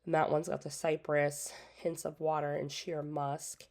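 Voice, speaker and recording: Low-voiced chatty woman reviewing scents. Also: flat delivery, a little slow, darkish tone. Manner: chatty, opinionated, lots of "like" and "so". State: talking around a cough drop in her mouth. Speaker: independent scent consultant and channel host. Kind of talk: casual catalog walkthrough.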